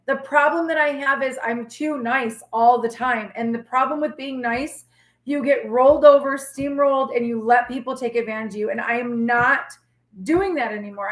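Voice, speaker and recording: Sassy New woman, roomy echo. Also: high-pitched. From New York. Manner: candid, sassy and feisty, rambling; forceful tone that can sound like yelling. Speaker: tarot reader and channel host. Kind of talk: casual live-stream talk to viewers. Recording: echoey room.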